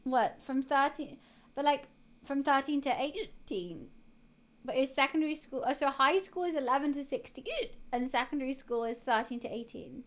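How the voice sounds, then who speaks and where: Hiccuping young woman, high voice. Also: normal speed. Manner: rambling, with many fillers and restarts. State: has the hiccups. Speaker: live streamer. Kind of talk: casual chat to stream viewers.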